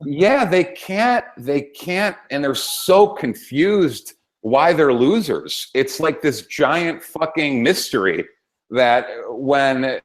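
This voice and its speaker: A man's voice: fairly high pitch, animated, slow pace. A man co-hosting a talk show, ranting heatedly about politics with constant swearing and rambling restarts. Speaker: co-host. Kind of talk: profane political rant.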